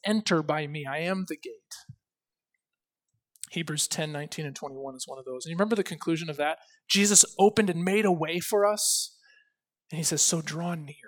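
A pastor preaching a sermon, emphatic, slowing down to stress key phrases and swinging between loud and soft. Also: male voice, sits high. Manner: reads scripture aloud with expression.

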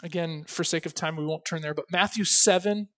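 A pastor preaching a sermon, emphatic, slowing down to stress key phrases and swinging between loud and soft. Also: male voice, fairly high pitch. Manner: reads scripture aloud with expression.

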